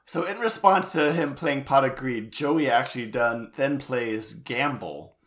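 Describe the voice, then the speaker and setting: A man co-hosting a casual chat podcast, explaining plot points in a relaxed way with dry jokes. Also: mid-range voice, measured pace. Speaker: podcast co-host. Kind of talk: casual chat recapping a show.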